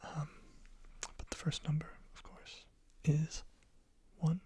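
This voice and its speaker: A man giving a whispered ASMR lesson into a close microphone, speaking gently and patiently and repeating each word softly. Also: fairly high pitch, monotone, slow. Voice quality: whispered, breathy. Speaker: ASMR creator teaching French words.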